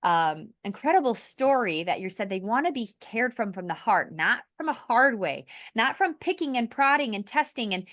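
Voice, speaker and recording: A woman hosting a casual podcast conversation, earnest and animated, laughing lightly between points. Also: on the high side, moderate pace, few pauses, no room sound, studio quality. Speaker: podcast host.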